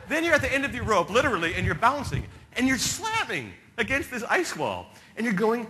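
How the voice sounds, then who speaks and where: A man from New Jersey telling comic adventure stories as a keynote speaker, with sudden loud bursts. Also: very high-pitched, wildly swooping pitch, fairly quick, few pauses. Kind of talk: storytelling keynote speech.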